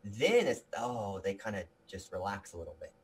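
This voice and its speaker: A man's voice: on the low side, sing-song, moderate pace. A man being interviewed about his video production company, talking with energy and earnestness, often restarting his sentences. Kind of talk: casual interview talk.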